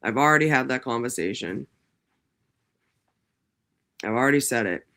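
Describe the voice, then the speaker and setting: A woman hosting a casual livestream from home, ranting in an animated, profane way. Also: extremely low pitch, normal speed. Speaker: livestream host.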